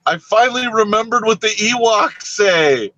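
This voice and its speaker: A man's voice: high-pitched, animated, normal speed, pushed and bright, slight background noise. A man teasing his friends with crude banter in casual chat. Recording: dull dry lo-fi sound.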